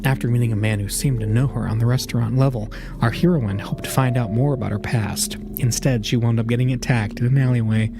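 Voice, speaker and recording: A man's voice: mid-range voice, steady tone, fairly quick, creaky, few pauses, background noise. A man hosting a let's play, reading a visual novel aloud with casual, jokey asides.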